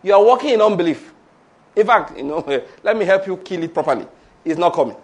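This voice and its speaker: A man preaching a sermon in an animated, playful way, laughing often and having the audience repeat phrases after him. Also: sits high, fast.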